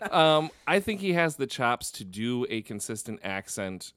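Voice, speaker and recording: A young man with a Northern Michigan accent co-hosts a casual movie chat podcast, earnestly thinking aloud and swearing freely. His mid-range voice is very animated, a bit bright, and a little slow.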